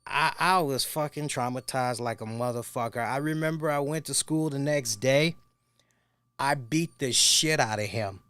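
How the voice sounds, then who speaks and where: Smooth-voiced, crude, rambling male reviewer. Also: mid-range voice, moderate pace, a bit bright. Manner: loose, crude, laughing anecdotes. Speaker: wrestling show reviewer. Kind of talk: casual profane storytelling.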